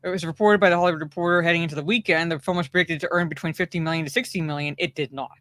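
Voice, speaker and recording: A man co-hosting a casual pop culture news show, talking quickly and loosely. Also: fairly high pitch, fairly even intonation, a bit bright, dry recording. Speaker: podcast co-host.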